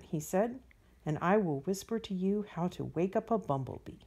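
A woman reading a bedtime storybook aloud, soft and drawn-out. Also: on the low side, lively intonation, husky. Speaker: storybook reader.

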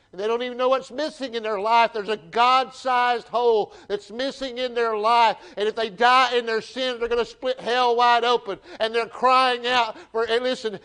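A man with a Southern US accent preaching a sermon to his church, folksy and animated, often restarting his phrases. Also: extremely high pitch, clear, resonant tone. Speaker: pastor. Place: church sanctuary.

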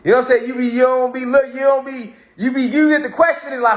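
A man's voice: very high-pitched, fairly even intonation, fast, hardly any pauses. A man giving a casual motivational monologue on spirituality, talking in street slang and repeating phrases for emphasis. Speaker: spiritual talk host. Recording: echoey room.

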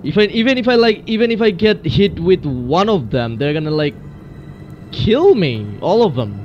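A man's voice: sits high, big pitch swings, moderate pace, darkish tone, lo-fi sound, faint music behind. A man hosting a let's play, jumpy and exclaiming as he talks to himself through a horror game. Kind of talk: gaming commentary.

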